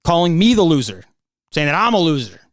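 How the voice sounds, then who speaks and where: A man's voice: a little high, big pitch swings, brisk, no room sound, studio quality. Profane, heated young man ranting. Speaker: podcast host. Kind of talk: angry solo podcast rant.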